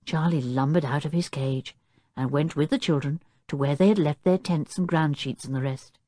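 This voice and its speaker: A woman narrating a children's audiobook, telling the story clearly and expressively while doing the characters' voices. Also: low-pitched, moderate pace, mellow, no room sound, studio quality.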